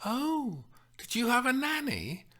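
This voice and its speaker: A man's voice: very high-pitched, huge pitch swings, slow, sharp tone, voice pushed up, full character voice. A man reading a storybook voicing a self-effacing young woman who snaps and growls ferociously when acting. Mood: meek. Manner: snapping and growling, then meek. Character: timid young woman turning ferocious as a nurse.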